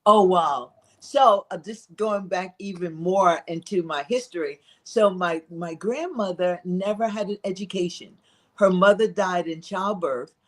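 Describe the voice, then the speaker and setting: A woman guest recounts family history at an easy pace. She speaks reflectively, pausing with soft fillers as she gathers her thoughts. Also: on the low side. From Philadelphia, living in South Carolina. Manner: reflective, storytelling with frequent "uh" pauses. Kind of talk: casual interview storytelling.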